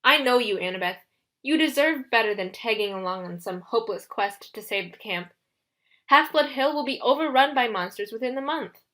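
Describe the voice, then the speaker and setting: A woman reading an audiobook, voicing a smooth, mocking young male villain who taunts the heroes. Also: on the high side, lively intonation, normal speed, bright, forceful tone. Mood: taunting.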